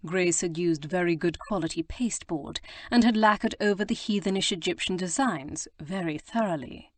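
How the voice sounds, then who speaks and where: Low-voiced woman narrating a romance audiobook. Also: normal speed, no echo. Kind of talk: scripted narration.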